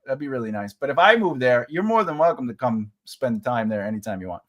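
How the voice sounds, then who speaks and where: Jokey, animated man hosting a writing class. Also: mid-range voice, fairly quick, dull audio. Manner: jokey, laughs often, rambling. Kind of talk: live-stream chat reading comments.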